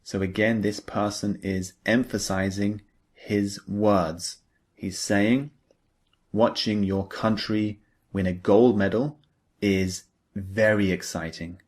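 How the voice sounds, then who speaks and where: A man's voice: fairly low pitch, steady tone. A man teaching an English lesson, explaining a speaking pattern patiently and step by step. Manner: slow, patient, explains each example step by step. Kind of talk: scripted lesson narration.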